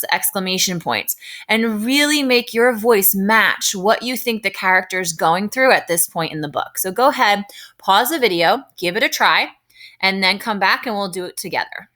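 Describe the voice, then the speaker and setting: Bright-voiced woman teaching reading. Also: mid-range voice. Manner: slow, deliberate explaining, frequent tag questions. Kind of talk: online reading lesson for children.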